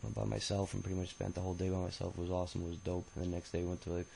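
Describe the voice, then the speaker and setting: A man's voice: low-pitched, monotone, rapid-fire, vocal fry, warm tone, a little hiss or hum, poor audio. A man in his thirties telling his own life story in a rambling, profane, casual way, full of filler sounds. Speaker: autobiography narrator. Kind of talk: casual spoken memoir storytelling.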